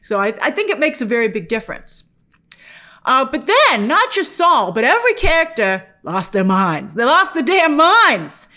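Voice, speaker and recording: A woman hosting an online review show, speaking with a fairly high voice that leaps up and down in pitch. She talks casually and straight to the viewers, sounding animated and exasperated. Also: moderate pace. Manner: animated and exasperated, often mock-quoting characters; talks directly to the viewers with questions. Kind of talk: casual spoken review commentary.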